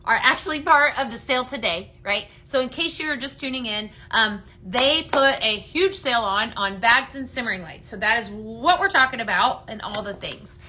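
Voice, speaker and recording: A woman hosting a casual live product demo for her company, chatting and answering viewer comments in a halting way, with many fillers and restarts. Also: a little high, bright, forceful tone, a little hiss or hum. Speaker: company staff host of a live sales stream.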